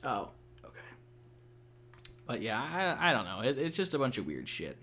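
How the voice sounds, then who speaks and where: A young gaming-channel host talks casually while he plays, rambling with lots of fillers and restarts and swearing freely. His lowish voice swings hugely in pitch, sounds pushed and bright, and moves at a moderate pace, with slight background noise.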